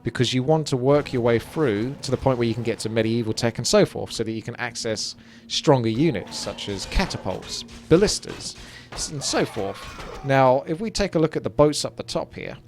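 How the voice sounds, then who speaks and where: A man's voice: mid-range voice, lively intonation, moderate pace, slight background noise. A young man with a chatty manner, explaining strategy as he plays and commentates on a strategy game. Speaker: gameplay commentator. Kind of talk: casual gameplay commentary. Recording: game music underneath.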